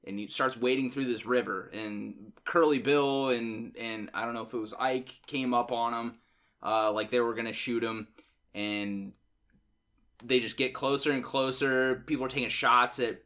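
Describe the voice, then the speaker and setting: A man co-hosting a movie podcast, retelling a favorite scene in an animated way with casual swearing. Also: mid-range voice, normal speed. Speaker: podcast co-host. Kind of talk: casual movie review chat.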